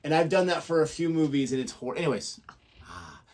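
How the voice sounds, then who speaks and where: Relaxed rambling man co-hosting. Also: a little high, brisk. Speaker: reaction channel co-host. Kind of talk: casual reaction chat. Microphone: desk USB microphone.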